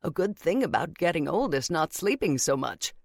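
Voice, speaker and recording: A woman voicing an affectionate, gently teasing grandmother over sixty. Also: low-pitched, big pitch swings, moderate pace, gravelly, no echo, studio quality, heavily acted. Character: warm, mischievous old grandmother.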